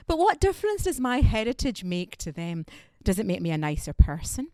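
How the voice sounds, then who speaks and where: A woman's voice: mid-range voice, sing-song, a little fast, a little mellow, no echo, studio quality. A woman from Scotland, performing a wry, punchy stand-up comedy set. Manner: wry, punchy delivery with quoted voices.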